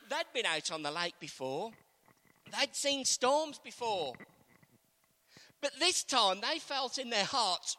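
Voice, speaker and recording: A man's voice: very high voice, wildly swooping pitch, takes it slowly, pauses often, pushed and bright. A man preaching a sermon in a conversational way, asking the congregation questions. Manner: conversational, asks the congregation questions, acts out quotes.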